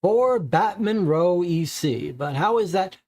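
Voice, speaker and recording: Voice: medium pitch, lively intonation, slow, darkish tone. A game reader voicing a polite, somewhat hesitant young male salesman in a read-aloud board game.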